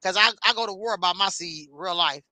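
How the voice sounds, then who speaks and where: A woman's voice: medium pitch, brisk, pushed and bright, dry recording. A woman in her forties co-hosting a casual chat, blunt and profane, telling stories with animation. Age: 40s. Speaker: co-host.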